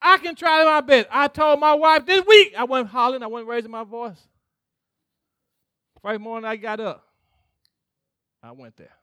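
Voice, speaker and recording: Male pastor, sermon delivery, very high voice, dry close sound. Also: moderate pace, long pauses, sharp tone, clean tone, no room sound. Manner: preaching with call-outs, acting out God's voice, laughing.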